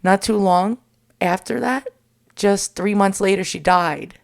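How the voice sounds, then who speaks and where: A woman in her forties telling her own story in a candid monologue, halting and emotional, with many pauses and fillers. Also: medium pitch, vocal fry. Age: 40s.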